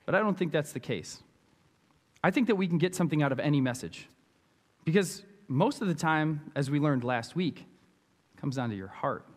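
A man's voice: on the high side, expressive, normal speed, in a large hall. A man preaching a sermon in an earnest, conversational way, asking his listeners direct questions. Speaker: pastor and youth basketball coach.

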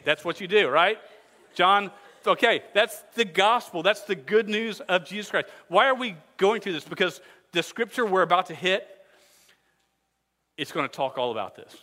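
Playful, energetic pastor on a slightly high voice, leading a call-and-response sermon in a hall with a long echo. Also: male voice, normal speed. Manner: jokey, energetic, leads the crowd in call-and-response. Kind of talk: playful sermon teaching memory verses with hand motions.

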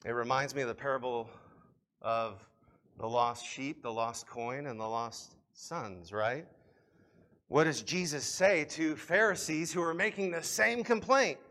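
A man preaching a sermon to a congregation, swinging between loud appeals and quiet reflection. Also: mid-range voice, measured pace. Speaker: pastor.

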